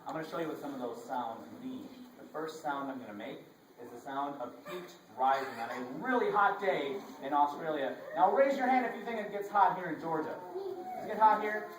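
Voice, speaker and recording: A man's voice: on the high side, a little fast. Guy running a kids' show in a big echoey room, mic far off, lots of noise around. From Florida. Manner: animated, coaxing call-and-response. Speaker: children's performer. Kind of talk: educational show for children. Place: large library hall, indoors.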